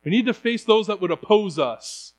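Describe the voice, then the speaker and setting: A man's voice: high-pitched, expressive, normal speed, a little mellow, low-quality recording. A young man preaching a sermon in an earnest way, often restarting his sentences.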